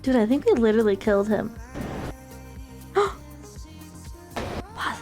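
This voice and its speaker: A young adult woman streamer chatting casually on a live stream, giggly and excitable. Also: on the high side, unhurried, soft background music.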